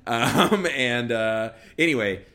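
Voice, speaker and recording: A man's voice: medium pitch, animated, takes it slowly, pushed and bright. A man co-hosting a podcast, recapping a TV episode in rambling, sardonic casual chat full of fillers. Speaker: podcast co-host.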